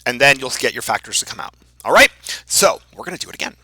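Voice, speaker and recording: Male math instructor, animated and bright, self-joking video lecture, dry close sound. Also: medium pitch, fast, husky, no room sound, rough recording. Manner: animated, self-joking, thinks aloud while writing.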